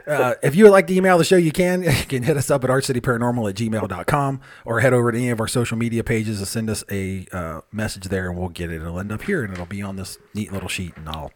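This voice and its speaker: A man's voice: on the low side, quick pace, hardly any pauses. A man hosting a paranormal podcast, reading listener emails in a loose, joking way, swearing casually and sipping a beer. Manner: loose, joking, swears freely, drinks beer while talking.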